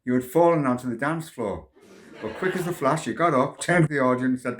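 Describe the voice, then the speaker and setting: A man's voice: mid-range voice, brisk, echoey room, noisy background. A man, a band member, reminiscing about a first gig and speaking directly to a bandmate. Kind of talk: anecdote telling.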